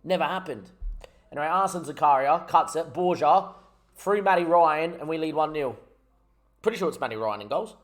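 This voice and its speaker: A man's voice: on the high side, lively intonation, normal speed. A young man giving frustrated, rambling commentary over his own gameplay, swearing often. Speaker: gaming YouTuber.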